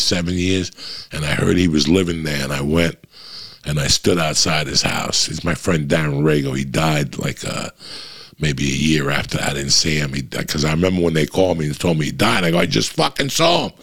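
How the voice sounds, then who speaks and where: Male comic from New Jersey, gravelly and husky, loose profane storyteller. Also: rumbling low, a bit bright. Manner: profane, rambling anecdote with frequent restarts. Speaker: comedian. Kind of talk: casual storytelling chat.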